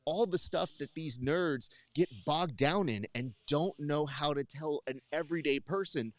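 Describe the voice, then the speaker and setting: A man's voice: medium pitch, moderate pace, few pauses, no echo. A man hosting a post-show chat with a mid-range voice, eager and teasing. The sound is close and dry with no room behind it. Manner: enthusiastic, teasing. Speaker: host.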